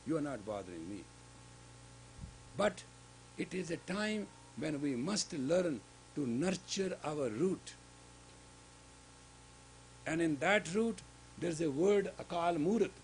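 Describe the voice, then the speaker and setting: A man giving a sermon-style lecture as a spiritual teacher in a gurdwara, speaking emphatically with sudden loud rises on key words. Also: a little high, expressive, slow pace, pauses often, a little hiss or hum, poor audio.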